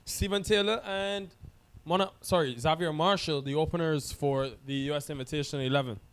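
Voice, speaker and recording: Man in live cricket commentary, smooth voice. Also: a little high, fairly even intonation, moderate pace. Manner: chatty, teasing co-commentator.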